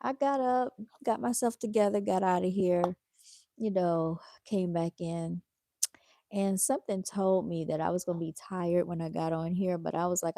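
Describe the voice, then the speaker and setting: A woman's voice: fairly low pitch, steady tone, normal speed, mellow, dry recording. Tired woman, laid-back livestream host, dry close sound. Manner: chatty, reads viewer comments aloud; laid-back, addresses viewers as y'all. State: tired, yawning. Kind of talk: casual livestream chat.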